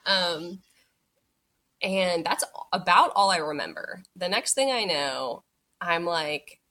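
Chatty woman with a lowish voice. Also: very animated, measured pace, bright, forceful tone. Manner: chatty, many "like" fillers, acts out her own past words. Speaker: podcast guest telling her birth story. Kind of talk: casual storytelling.

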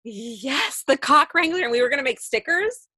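Bright, chatty woman podcast co-host. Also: sits high, sing-song, normal speed, no echo, clean studio sound. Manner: chatty, laughs often, rambling storyteller. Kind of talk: casual chat.

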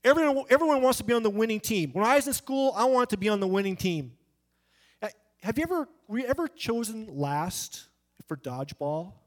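Man, preacher, high voice, emphatic, conversational sermon. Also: expressive, fairly quick. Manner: emphatic and conversational, acts out quoted voices in anecdotes. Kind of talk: evangelistic sermon.

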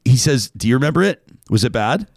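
A man's voice: medium pitch, sing-song, fast talker, gravelly, no echo, clean studio sound. A man hosting a casual talk show, reading out a listener email and wandering off on tangents.

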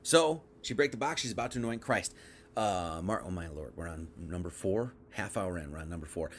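A man teaching on a Bible passage in a livestream, chatty, dropping to quiet asides and then rising to emphatic bursts, reading verses aloud and paraphrasing them loosely. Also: low voice, animated, fairly quick, slight background noise. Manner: conversational, swings from quiet asides to emphatic outbursts. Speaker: preacher.

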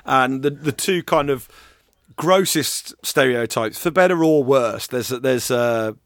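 A man co-hosting a casual podcast chat about a film, animated and quick to laugh, acting out lines as he goes. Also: mid-range voice, dry recording. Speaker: podcast co-host.

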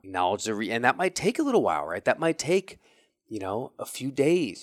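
In a clean studio with no echo, a male podcast host speaks straight to his audience with earnest, coaching motivation. His mid-range voice is fairly bright, a little fast, and lively in intonation.

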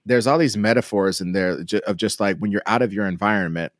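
A man's voice: fairly low pitch, fast talker, no room sound, studio quality. A man hosting a comedy podcast in loose, joking chat, swearing freely. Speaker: podcast host.

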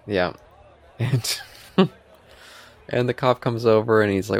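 A man's voice: on the low side, steady tone, takes it slowly, creaky, dry recording. A man co-hosting a podcast, chatting casually about a TV episode and retelling scenes with quoted lines and frequent laughs. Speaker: podcast co-host. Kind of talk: casual chat reviewing a TV episode.

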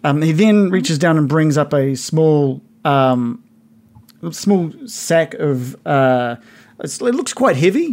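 A man narrating a tabletop game as game master, pausing often with ums as he describes the scene. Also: on the high side, lively intonation, darkish tone. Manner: halting, many ums, unhurried description.

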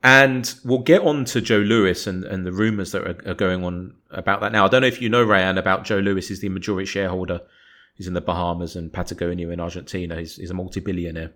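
Low-voiced rambling man. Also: quick pace. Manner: animated, rambling, acts out imagined dialogue. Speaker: podcast co-host. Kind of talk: casual podcast debate.

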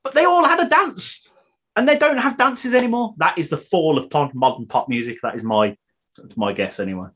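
A man's voice: fairly high pitch, expressive, fairly quick, fairly bright tone, slightly rough. A man with a Brummie accent hosting a podcast, ranting his opinions in casual, sweary chat. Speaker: podcast host.

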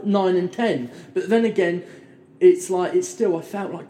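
A man's voice: high voice, fairly even intonation, normal speed, warm tone. A man chatting casually about films as a podcast co-host, rambling and enthusiastic. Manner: enthusiastic, rambling, quotes people in put-on voices. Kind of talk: casual film chat. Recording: echoey room.

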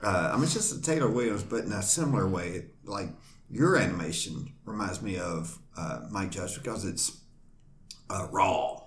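A man casually chatting as host, relaxed and agreeable, filling his thoughts with "like". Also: low-pitched, moderate pace, slight background noise. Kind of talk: casual interview chat. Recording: echoey room with crowd behind.

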